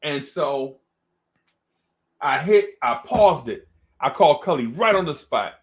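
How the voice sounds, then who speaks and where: A man's voice: fairly high pitch, lively intonation, measured pace, long pauses. A man hosting a casual chat, rambling and slangy, with lots of restarts. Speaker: host.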